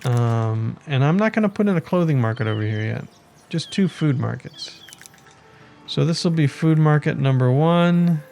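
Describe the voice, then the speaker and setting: A man's voice: fairly high pitch, lively intonation, normal speed, gravelly, a little mellow, slight background noise. A man giving casual commentary on his city-building game, thinking aloud and chatting to his villagers as he plays. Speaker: let's play gamer.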